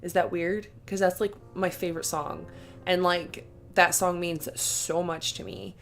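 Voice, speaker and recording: A young woman with a slightly low voice tells a personal story to her vlog audience. She gushes with feeling, fills her sentences with "like" and "um," and breaks into small laughs. Soft music plays faintly behind her. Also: level tone, a little slow. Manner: gushing and emotional, with filler words and laughs. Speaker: vlogger.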